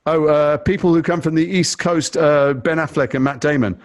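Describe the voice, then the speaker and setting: A man's voice: a little high, fairly even intonation, moderate pace, slight background noise. A middle-aged man as a guest in a casual video-call chat, wry and self-mocking, given to rambling.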